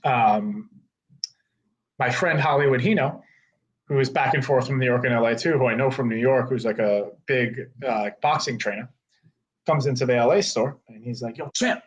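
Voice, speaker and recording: A man in his thirties, a guest telling a story in casual, animated chat, full of "like" and casual swearing. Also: mid-range voice, normal speed. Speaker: guest, co-owner of a fight-gear retailer.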